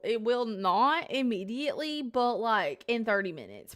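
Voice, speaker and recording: A woman's voice: on the high side, big pitch swings, a little slow, few pauses, a bit bright. A young woman live streamer chatting casually and playfully with her viewers, giggly and rambling, sitting at home at a desk mic.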